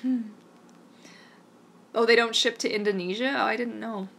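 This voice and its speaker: A woman's voice: on the high side, fairly even intonation, normal speed, vocal fry, fairly bright tone. A Canadian woman hosting a live-stream Q&A, chatting in a rambling, enthusiastic way. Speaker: mermaid vlogger hosting a live Q&A. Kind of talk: casual live-stream chat.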